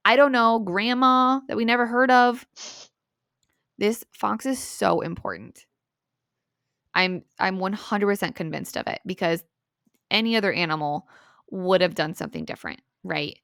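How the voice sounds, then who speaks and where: A woman recapping a story for her co-hosts in a loose, animated podcast chat, leaning on "like" and "right?" as she goes. Her mid-range voice carries a gravelly, fried texture, and the recording is dry and close. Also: mid-range voice, normal speed, long pauses, dry recording. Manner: animated retelling, lots of "like" and "right?". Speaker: podcast co-host. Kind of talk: casual book-review chat.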